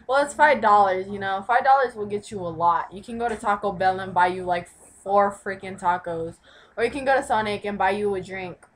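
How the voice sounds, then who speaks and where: A young woman chatting casually in a home video, giggly and quick to swear. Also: mid-range voice, a bit bright, slight background noise, low-quality recording. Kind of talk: casual vlog chat.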